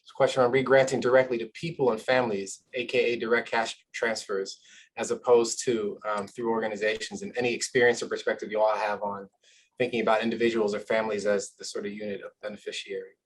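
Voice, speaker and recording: A man moderating a panel discussion over a video call, speaking in a measured, affirming way. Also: on the low side, flat delivery, slight background noise, rough recording.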